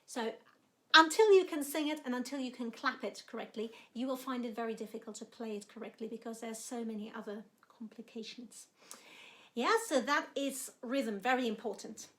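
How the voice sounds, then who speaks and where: High-voiced woman teaching cello. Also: normal speed. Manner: warm, encouraging explanations. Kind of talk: instructional music lesson.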